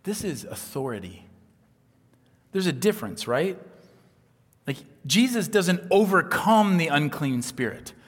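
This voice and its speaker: Guy pastor preaching, earnest, goes quiet to make a point, long church echo. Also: fairly high pitch, very animated, unhurried, long pauses. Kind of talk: sermon.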